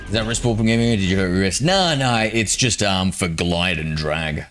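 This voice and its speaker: Young Aussie male streamer, very low voice, chatty and rambling over noisy game audio. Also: expressive, fairly quick, fairly bright tone. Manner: chatty, rambling with many ums. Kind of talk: casual live-stream chat.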